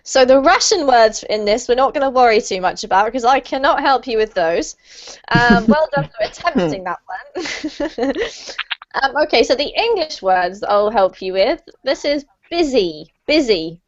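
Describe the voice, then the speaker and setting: Teacher lady on a video call, kinda high voice, slightly dull sound, patient and encouraging, spells out words slowly. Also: expressive. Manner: encouraging, laughs often, models pronunciation slowly. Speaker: English teacher. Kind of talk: online English lesson.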